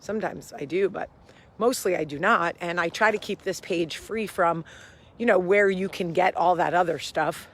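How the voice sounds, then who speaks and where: A woman's voice: on the low side, normal speed. A woman hosting a casual vlog, out of breath as she walks uphill outdoors, rambling and amused at her own jokes, swearing freely. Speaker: host.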